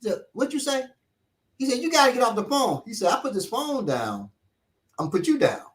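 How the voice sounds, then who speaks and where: Animated man telling stories, echoey room. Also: very high-pitched, fairly quick, far from the mic. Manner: animated storyteller acting out voices. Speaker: instructor. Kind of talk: casual storytelling.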